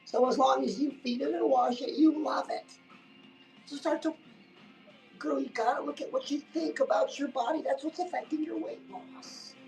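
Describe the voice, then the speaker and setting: A woman's voice: high voice, fairly even intonation, moderate pace, darkish tone, distant mic, soft background music, low-quality recording. A woman giving a chatty live-stream pep talk as a life coach, keeps calling the listener "girl" and saying "listen".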